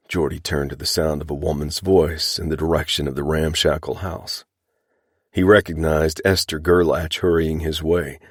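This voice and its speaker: A man narrating a western audiobook in a measured, even storytelling manner. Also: extremely low pitch, no echo, clean studio sound.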